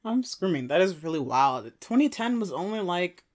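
Low-voiced woman with lively intonation. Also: normal speed. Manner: laughing reactions, playful interjections. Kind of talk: casual chat.

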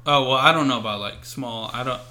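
A man's voice: medium pitch, fairly quick, pushed and bright. A man co-hosting a podcast in casual chat, rambling and hesitant with lots of fillers. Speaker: podcast co-host.

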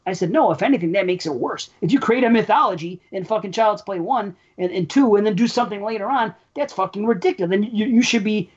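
A speaker gives blunt, forceful opinions in a casual chat about a film, swearing often. The voice sits at an ordinary pitch. The audio is slightly dull. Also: fast talker, few pauses, slightly rough.

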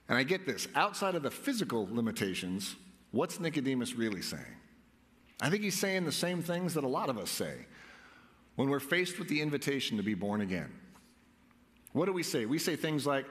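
Lively conversational male preacher in a hall. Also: mid-range voice, a little fast. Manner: conversational, asks the congregation questions. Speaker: pastor. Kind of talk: sermon.

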